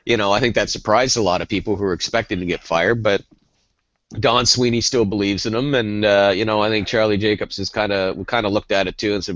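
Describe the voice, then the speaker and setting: A man's voice: fairly low pitch, moderate pace, fairly bright tone, no room sound, muffled recording. A man co-hosting a hockey talk show, rambling in casual chat with lots of fillers and restarts.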